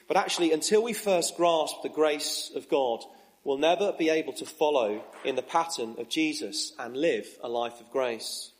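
A man delivers a sermon in a fairly high voice. He speaks earnestly and at a measured pace, lifting his voice for emphasis. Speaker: preacher.

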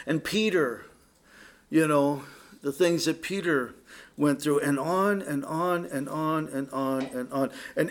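A man gives a conversational sermon, earnest and direct, turning often to address his listeners. His voice sits a little higher than most men's, and he restarts his sentences as he works through his thoughts. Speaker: preacher.

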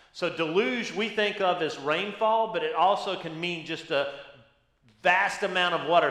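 A man's voice: high-pitched, pushed and bright, reverberant. A man preaching a sermon as pastor, teaching with emphasis and asking rhetorical questions.

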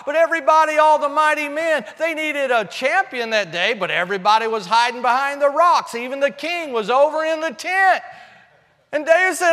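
Passionate high-voiced preacher in a hall. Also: male voice, normal speed. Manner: passionate, swings from shouting to hushed; folksy, humorous asides. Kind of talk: sermon.

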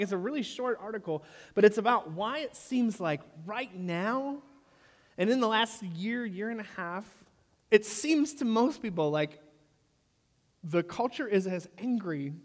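A man in his thirties preaching a sermon, telling a story with humor and often checking in with "right?". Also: high-pitched. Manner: animated, jokey storyteller who asks the room "right?". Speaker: pastor. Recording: long reverb of a large hall.

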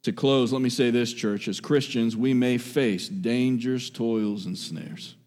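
A man preaching a sermon with emphasis, repeating key phrases and swinging between raised exhortation and hushed, quiet lines. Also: medium pitch, unhurried. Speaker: pastor.

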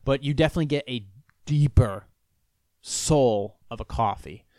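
A man in a relaxed, rambling monologue, full of ums and restarts, cursing casually as he goes. His voice sits at an ordinary middle pitch. The recording is dry and close, with no room sound. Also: normal speed, dry recording. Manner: loose, rambling, lots of fillers and restarts, swears freely. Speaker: vlogger.

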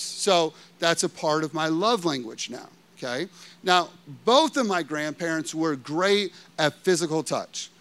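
A man with a high, somewhat bright voice preaches a sermon, sharing personal stories conversationally. He fills his speech with "like" and other fillers and poses questions to the audience.

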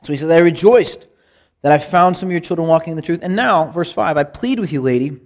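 A man teaching a Bible study in a conversational sermon style, earnest and emphatic, with lively rises when quoting scripture. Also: a little high, fast.

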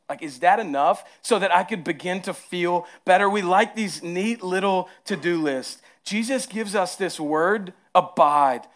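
A man with a Southern accent preaching a sermon as pastor, moving between hushed, tender lines and emphatic rises. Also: sits high.

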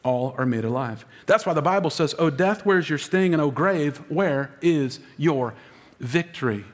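A man's voice: a little high, lively intonation, normal speed, long reverb tail. A man preaching an Easter sermon as lead pastor, emotional and calling on the congregation to answer back. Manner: emotional, preaching with audience call-and-response.

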